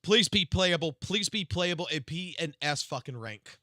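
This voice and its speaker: A man streaming live, reacting to game news in a profane, excitable rant that swings from low mutters to loud outbursts. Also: normal speed, no room sound, studio quality.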